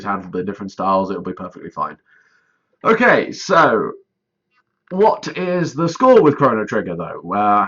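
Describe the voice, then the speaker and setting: Man, vlog host, rambling, self-deprecating, lowish voice, bright forceful tone, dull lo-fi sound. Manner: rambling, self-deprecating, stalls mid-sentence. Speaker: YouTuber directing a voiced let's play. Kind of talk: casual vlog update.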